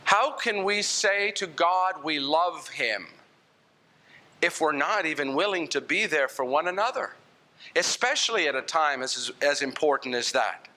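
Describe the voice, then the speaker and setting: Bright-voiced male preacher telling stories. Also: on the high side, lively intonation, a little slow. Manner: conversational, tells stories, quotes dialogue. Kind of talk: sermon with storytelling. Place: church.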